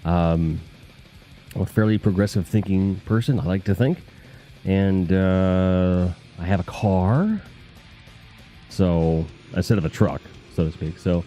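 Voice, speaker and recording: Low mellow-voiced guy rambling through chat on a live stream, swears a lot, jokey, swings his pitch all over, faint guitar music behind. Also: animated, measured pace. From Northeast US. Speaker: live stream host reading chat comments.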